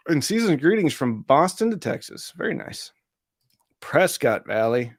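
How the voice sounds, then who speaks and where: A man with a gravelly, fry-edged voice hosts a casual live stream, reading viewer comments aloud and chatting back at them. The sound is close and dry, with no room around it. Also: on the high side, sing-song, unhurried, dry recording. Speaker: host of an audio gear channel.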